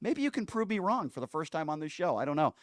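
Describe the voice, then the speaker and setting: A man's voice: on the high side, sing-song, quick pace, no room sound, clean studio sound. A man hosting a call-in radio show, taking calls and arguing sarcastically with a prank caller.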